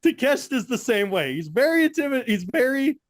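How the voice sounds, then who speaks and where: Animated ranting man, lively pitch. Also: brisk, no room sound, clean studio sound. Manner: animated, swearing, laughing often, ranting. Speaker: podcast co-host. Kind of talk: casual chat.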